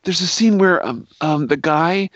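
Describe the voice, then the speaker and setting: A man's voice: on the high side, a little slow, fairly bright tone, no echo, highs cut off. A man in casual film chat, laughing often as he retells scenes.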